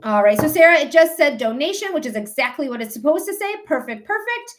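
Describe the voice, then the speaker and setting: A woman's voice: high voice, big pitch swings, brisk, a bit bright. A woman hosting a live psychic reading stream, chatting casually and affectionately with viewers and rambling with fillers. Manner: affectionate toward viewers, calls them my love; rambling, with many fillers and restarts. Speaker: livestream psychic reader.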